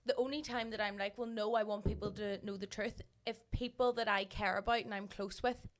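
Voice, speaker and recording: A woman's voice: mid-range voice, steady tone, a little fast, a little hiss or hum. A woman, co-hosting a podcast and sharing her views in an earnest, reflective way. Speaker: podcast co-host. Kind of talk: casual chat.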